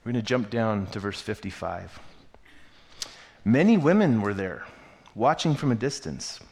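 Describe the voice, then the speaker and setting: A man preaching a sermon, reading scripture aloud and stopping to explain it in a casual, conversational way, growing animated as he poses questions. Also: lowish voice. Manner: animated when voicing questions. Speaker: pastor.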